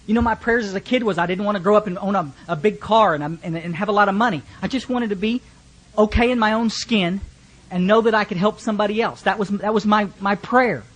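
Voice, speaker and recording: A man's voice: high-pitched, a little fast, fairly bright tone. A middle-aged man with a Texan accent, sharing his recovery story at a fellowship meeting in a folksy, joking way. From Texas, USA. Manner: folksy, joking, lots of restarts.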